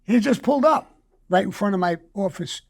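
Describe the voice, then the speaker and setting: Gravelly older New man telling stories. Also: high voice, fairly quick. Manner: profane, animated, acts out quoted dialogue. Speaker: guest. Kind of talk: casual storytelling.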